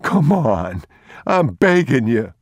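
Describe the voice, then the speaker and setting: A man's voice: medium pitch, sing-song, takes it slowly, dry recording, clean studio sound, voice pushed up. A man playing a frantic begging thief. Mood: desperate. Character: desperate starving male thief.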